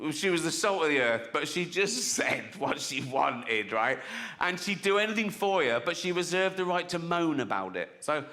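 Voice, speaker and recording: A man's voice: medium pitch, sharp tone. A man, telling stand-up stories in a conversational way and checking in with the audience. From England. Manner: conversational, keeps checking in with "right?". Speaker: stand-up comedian. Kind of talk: stand-up storytelling.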